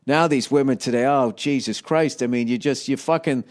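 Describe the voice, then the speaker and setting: Using a studio microphone with a windscreen, a middle-aged podcast host speaks at normal speed in a mid-range voice. His monologue is a rambling, foul-mouthed comic rant peppered with silly voices.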